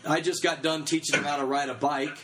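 A man's voice: fairly high pitch, little pitch movement, brisk, a bit bright, low-quality recording. A man in his thirties giving a casual teaching talk on children's ministry, chatty and full of fillers.

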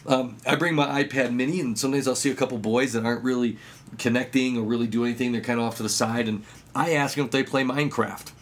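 A man explains how he connects with children through jokes, games and magic tricks. His delivery is instructional but playful, and his voice springs up sharply whenever he slips into the dialogue of his stories. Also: fast talker. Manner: lively storyteller who acts out dialogue with sudden pitch jumps. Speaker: children's ministry worker and magician. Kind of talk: instructional talk with anecdotes.

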